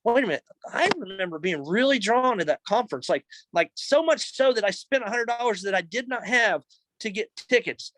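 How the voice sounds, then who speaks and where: A middle-aged man with a high, expressive, somewhat bright voice speaks briskly on a low-quality recording. Sitting in his office, he shares a recovery testimony, earnest and emotional, retelling events conversationally.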